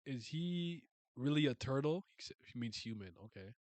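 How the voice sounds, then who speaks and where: A man's voice: mid-range voice, animated, moderate pace, a little mellow, no echo. A man giving casual reaction commentary, ranting in exasperation with frequent exclamations and stammered restarts. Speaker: webcomic reaction host.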